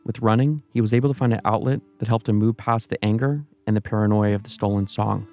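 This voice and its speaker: A male narrator reads a scripted documentary story in a measured, even delivery. His voice is low and gravelly, with little rise and fall in pitch. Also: soft background music.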